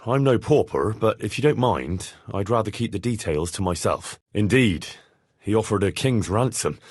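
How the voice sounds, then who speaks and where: An actor playing an earnest, dutiful young squire in a medieval game, speaking plainly and deferentially in recorded dialogue lines. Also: male voice, lowish voice, husky, no echo, studio quality. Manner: plain, sincere and deferential, with many lines read twice. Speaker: player character in a game. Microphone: close studio mic.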